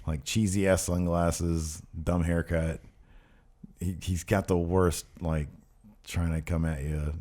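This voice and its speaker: A man's voice: low voice, level tone, slow pace, dark tone. A man co-hosting a podcast in casual chat, sarcastic and ranting freely. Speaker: podcast co-host.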